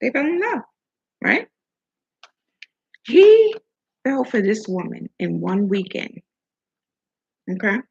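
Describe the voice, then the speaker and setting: A woman's voice: fairly high pitch, sing-song, slow, vocal fry, long pauses, darkish tone, slightly rough, dull audio. A woman talking casually and preachily about self-worth and love, swearing now and then, with food in her mouth. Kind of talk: casual motivational talk.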